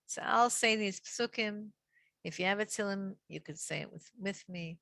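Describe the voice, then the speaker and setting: Middle-aged lady teaching a torah class over video call, bright voice, dry sound, chatty and warm. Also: medium pitch, creaky, dry recording. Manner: warm, chatty, greets each listener by name; reads Hebrew verses slowly for others to repeat.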